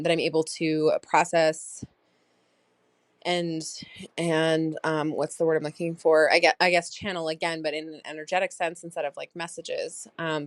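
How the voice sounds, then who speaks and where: A woman in her thirties hosts a personal diary podcast, reflecting and rambling with lots of fillers. Her voice is low, and the recording is dry.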